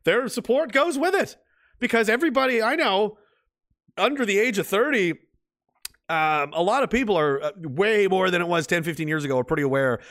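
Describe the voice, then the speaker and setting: A man's voice: high-pitched, animated, fairly quick, a bit bright, dry recording, clean studio sound. A middle-aged man hosting a casual livestream, reading out chat messages and rambling in a profane, mocking way, with frequent laughs.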